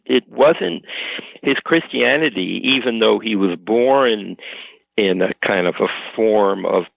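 A man, an author in an interview, speaks reflectively but haltingly, restarting and repeating words. His voice sits low with vocal fry and a slightly bright edge, on a dry, dull, lo-fi recording like an old radio broadcast.

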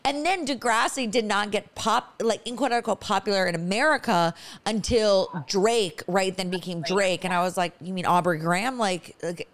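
A woman hosting a casual chat, enthusiastic and quick to agree with her guest. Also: medium pitch. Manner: chatty, enthusiastic, frequent agreeing backchannel.

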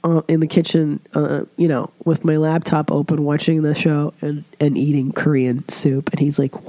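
Woman podcast host with a cold: stuffy, chatty, loose-mouthed, with a dark, dry tone. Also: low voice, level tone, moderate pace, few pauses, no echo. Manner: chatty, swears freely, puts on voices when quoting others. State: congested from a cold. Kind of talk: casual chat.

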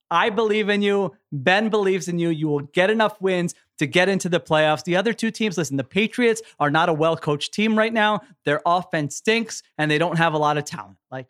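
High-voiced emphatic podcast co-host man. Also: a bit bright, clear, resonant tone. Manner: emphatic, opinionated, sarcastic asides. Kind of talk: casual sports chat.

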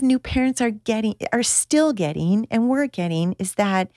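A woman's voice: fairly high pitch, moderate pace, few pauses, a little mellow, no room sound, clean studio sound. A middle-aged woman in casual conversation, telling stories animatedly and acting out the voices of the people she quotes. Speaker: guest, author and mother.

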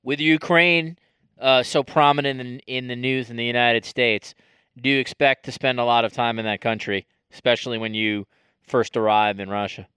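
A man's voice: medium pitch, little pitch movement, moderate pace, sharp tone, smooth, no echo. A man hosting an interview, asking questions with careful, tactful phrasing into a studio mic. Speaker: interviewer host.

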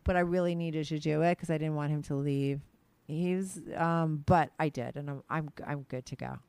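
A woman hosting a podcast in casual chat, talking fast and rambling, excited and hyper after a date. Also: low-pitched, smooth, no echo. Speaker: podcast host.

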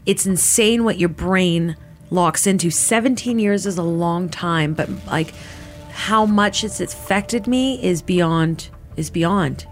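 A woman giving an emotional personal testimony in a casual, filler-heavy way, acting out what people said. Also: fairly low pitch. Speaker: interviewee recounting her assault.

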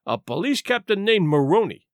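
A man voicing a quiet, wry, shabby gentleman. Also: high voice, very animated, moderate pace, no echo, clean studio sound.

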